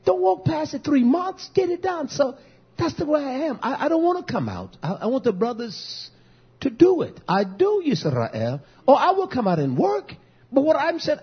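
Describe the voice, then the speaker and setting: A man preaching as pastor, telling stories and quoting himself in an animated way. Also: very high voice, normal speed, dull audio. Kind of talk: sermon.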